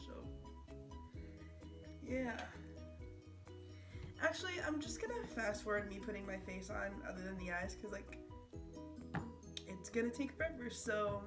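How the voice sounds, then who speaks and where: A woman's voice: mid-range voice, lively intonation, a little slow, long pauses, loud music behind the voice. A woman beauty vlogger chatting casually through a makeup tutorial. She rambles and jokes at her own expense. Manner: chatty, rambling and self-mocking.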